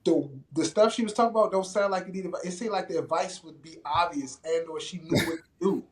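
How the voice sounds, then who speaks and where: A man co-hosting a casual talk show, telling a story in a relaxed, conversational way. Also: high voice, fast, reverberant. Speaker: podcast co-host.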